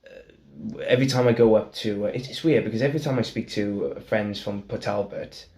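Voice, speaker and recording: Rambling Welsh man, lowish voice. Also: brisk, darkish tone. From Wales. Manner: rambling, emphatic, swears casually. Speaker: podcast host. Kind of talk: casual chat.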